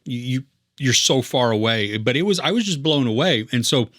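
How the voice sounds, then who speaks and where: A man's voice: mid-range voice, normal speed, fairly bright tone, dry recording, studio quality. A man co-hosting a casual movie review podcast, earnest and rambling, with many fillers and restarts. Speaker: podcast co-host.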